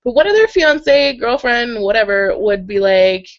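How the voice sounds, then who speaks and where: A woman's voice: a little high, sing-song, measured pace. Young woman, casual live-stream host, giggly and chatty, slightly sore throat, dull webcam sound. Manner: chatty and giggly, many "like"s and little laughs. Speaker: livestream host reading viewer comments. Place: in bed at home.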